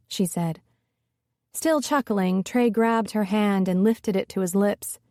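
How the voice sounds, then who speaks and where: A woman narrating a romance audiobook with a smooth, steady reading. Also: medium pitch, slow, no room sound, clean studio sound. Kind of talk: scripted narration.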